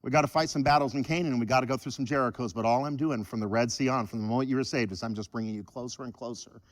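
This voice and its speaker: A pastor voicing God as a calm, patient male voice reassuring a believer. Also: medium pitch, very fast, voice pushed down, natural voice.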